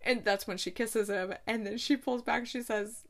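A woman's voice: a little high, normal speed. A young woman casually recapping a movie plot, acting out the characters' lines and laughing often. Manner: animated storytelling, acts out lines, laughs often. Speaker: podcast host reviewing holiday movies.

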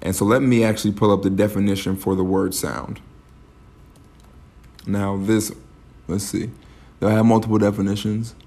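A man hosting a solo podcast, reflecting aloud in a halting way, with many fillers and restarts. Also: lowish voice, level tone, mellow. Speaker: podcast host.

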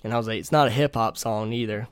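A man's voice: on the low side, steady tone, quick pace, clean tone, dry recording. A man in his twenties telling a long story in a blunt, profane, casual way, speaking from a home kitchen. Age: 20s. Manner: blunt, profane, reads messages aloud. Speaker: podcast host.

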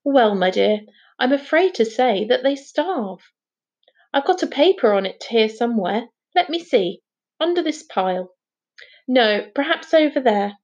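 Woman doing a rambly old professor guy, lectures everybody, a bit high, muffled recording. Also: expressive, measured pace, a little mellow. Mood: fussy. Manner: fussy, explanatory, drifts off mid-thought. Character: absent-minded older male professor, lecturing and rambling.

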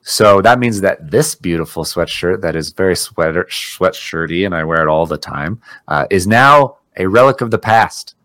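Deep-voiced guy co-hosting a podcast, dry sound, kidding around a lot. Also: animated, moderate pace, hardly any pauses, fairly bright tone, no echo. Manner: joking, laughs often. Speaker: podcast co-host. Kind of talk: casual chat.

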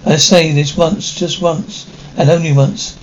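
A man's voice: fairly high pitch, steady tone, unhurried, highs cut off, lightly acted. A man playing a brusque young male stage director in a 1950s television drama, speaking in a clipped, commanding way. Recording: faint hiss of an old TV soundtrack.

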